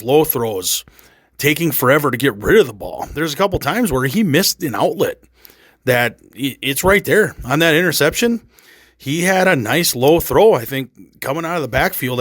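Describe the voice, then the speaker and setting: A man hosting a casual sports chat, talking in a rambling, excitable, jokey way. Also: on the high side, no echo, studio quality. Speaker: sports podcast host.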